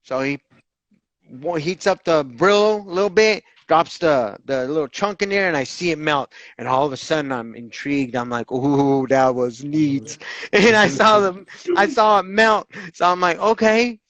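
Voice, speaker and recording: Animated man telling his story. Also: sits high, moderate pace, low-quality recording. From Southern California. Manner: animated, acts out quoted voices, swears casually. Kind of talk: candid personal storytelling.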